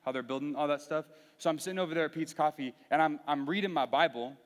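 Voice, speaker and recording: A man's voice: fairly high pitch, quick pace. A young man preaching to a youth group, telling a personal story candidly and earnestly, with frequent restarts. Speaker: youth pastor. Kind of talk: sermon. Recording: reverberant hall.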